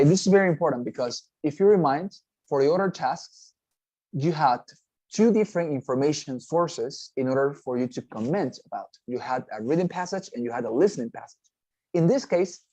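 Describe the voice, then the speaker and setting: A man's voice: medium pitch, warm tone, dry recording, poor audio. A man teaching a test-preparation lesson, explaining step by step, often checking in with "okay?" and restarting phrases. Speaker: TOEFL teacher. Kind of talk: recorded class lecture.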